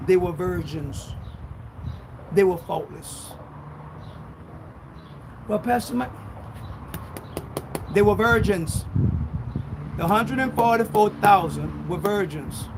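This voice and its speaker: A man preaching a live-streamed sermon, fiery and rhetorical, firing questions at his listeners and reading scripture slowly and forcefully. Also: high-pitched, expressive, a little hiss or hum.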